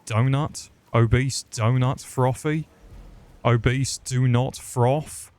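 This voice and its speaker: A man's voice: medium pitch, fairly even intonation, slow pace, darkish tone. A man giving crude, rambling comedic commentary while playing a video game. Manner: crude joking banter, rambling. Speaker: gaming commentator. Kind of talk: comedic let's-play commentary.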